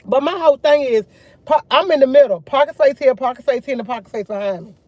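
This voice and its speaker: A young woman vlogging to her viewers, retelling a run-in in an animated, emphatic way with slang and swearing. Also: high voice, fast talker, no echo, lo-fi sound. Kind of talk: casual storytelling chat.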